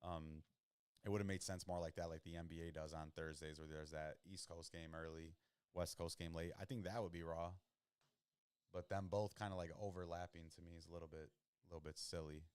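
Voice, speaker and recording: A young man with a very low, smooth voice chats loosely about the football he is watching, dropping slang as he reacts to each play. The close mic gives a dry sound with no room around it. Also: steady tone, fairly quick, darkish tone, dry recording. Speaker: podcast host watching football. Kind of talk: casual live-watch commentary.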